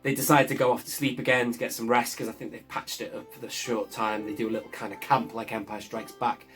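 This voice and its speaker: A man's voice: mid-range voice, level tone, fast, fairly bright tone, faint music behind. Enthusiastic man recapping an episode. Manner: enthusiastic, chuckles often while recounting. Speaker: show reviewer.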